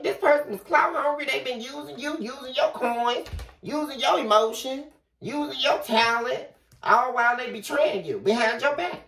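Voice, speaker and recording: Woman tarot reader, blunt and profane, lively swinging pitch, roomy sound from a distance. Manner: blunt, profane, animated ranting. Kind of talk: tarot reading.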